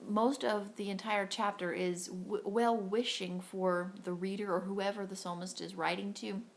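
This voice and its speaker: A devotional host speaks to women in an earnest, encouraging talk, acting out little voices along the way. Her medium-pitched voice has fairly even intonation and normal speed, with slight background noise.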